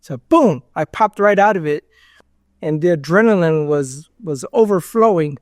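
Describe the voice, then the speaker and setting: A man's voice: fairly high pitch, lively intonation, normal speed, no echo, studio quality. A man as an interview guest, telling a personal story in a rambling way, full of "like" and "you know" and re-enacted dialogue.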